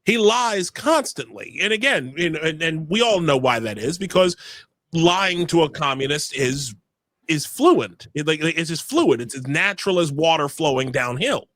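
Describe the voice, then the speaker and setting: A man's voice: a little high, expressive, normal speed, fairly bright tone, no echo. A man hosting a political talk show, speaking emphatically and often stumbling over his words. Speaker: podcast host.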